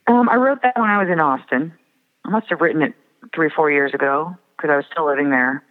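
A man from the Fargo area, a songwriter guest, talking reflectively with many pauses and fillers. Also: on the high side. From Fargo area, Minnesota. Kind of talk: casual interview. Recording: tinny phone line with long reverb.

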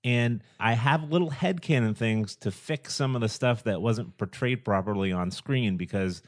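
A man in mid pitch riffs through a casual podcast chat about movies, animated and rambling, stopping and restarting sentences and tossing out rhetorical questions. His voice is recorded close and dry, with no room sound. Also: moderate pace, dry recording. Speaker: podcast co-host. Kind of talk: casual film discussion.

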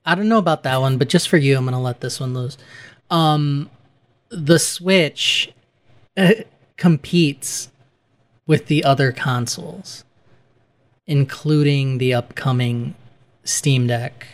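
A man's voice: mid-range voice, takes it slowly, long pauses. A man co-hosting a gaming podcast, chatting casually and laughing often. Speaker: podcast co-host.

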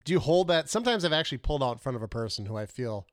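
A man co-hosting a casual comedy podcast, telling animated stories with laughs and fillers. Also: mid-range voice, rapid-fire, no echo, studio quality. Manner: animated storyteller, laughs often, trails off with fillers. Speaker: podcast co-host.

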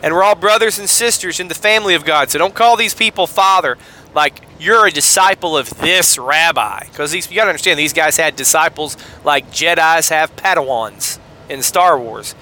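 A man's voice: a little high, normal speed, sharp tone, a little hiss or hum. A man from Georgia, hosting a podcast and commenting on scripture in a fired-up, sarcastic way with rambling asides. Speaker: podcast host.

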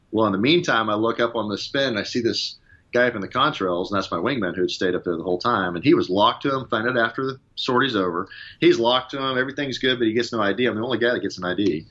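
A former fighter pilot telling a casual story in an interview, fast and animated, acting out radio calls as he goes. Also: fairly low pitch, dull audio.

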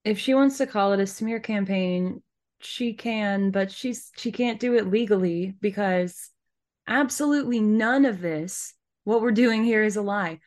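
A woman co-hosting a podcast in casual chat, supportive and animated, laughing often. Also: medium pitch, unhurried. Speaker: podcast co-host.

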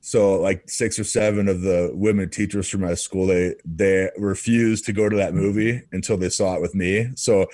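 A man's voice: normal speed, hardly any pauses, no room sound. A man co-hosting a casual podcast recapping a reality show, talking animatedly and swearing often. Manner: animated, swears a lot, jumps up high when mimicking people. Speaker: podcast co-host.

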